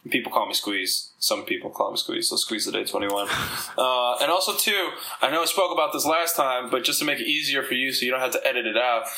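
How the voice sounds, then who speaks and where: A man's voice: mid-range voice, pushed and bright, poor audio. A man talking as a comedian guest on a casual podcast, rambling and swearing as he tells stories. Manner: rambling, profane, laughs while telling stories.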